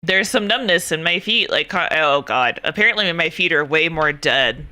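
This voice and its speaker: A young woman streams herself chatting with viewers, talking in an animated, exasperated rant full of swearing. Her voice is very bright and crisp, smooth and clear. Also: deep voice, moderate pace. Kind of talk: casual chat.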